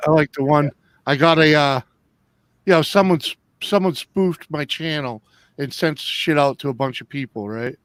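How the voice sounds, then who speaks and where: A man's voice: on the high side, moderate pace, a bit bright, clean tone, no echo. A man in a casual chat who keeps chiming in with short agreements.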